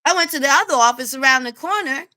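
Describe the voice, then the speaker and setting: A woman with a New York accent ranting to camera as a street vlogger, animated and blunt, laughing as she tells her story. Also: sits high, fast talker. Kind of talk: casual rant to camera.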